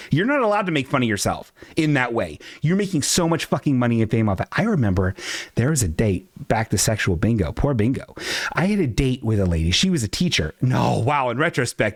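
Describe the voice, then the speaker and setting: A man's voice: mid-range voice, no echo, clean studio sound. A man hosting a casual livestream chat, rambling, profane and self-mocking as he reads comments. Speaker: live show host.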